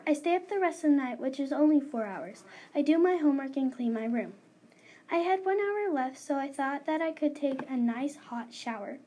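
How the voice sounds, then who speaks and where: A woman reading her own short ghost story aloud in a soft, hushed storytelling voice. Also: high voice.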